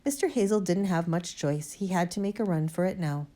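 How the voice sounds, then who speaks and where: Low mellow woman reading a storybook. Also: brisk. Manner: lively expressive reading, first-person boy narrator. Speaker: audiobook reader. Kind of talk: storybook narration read aloud.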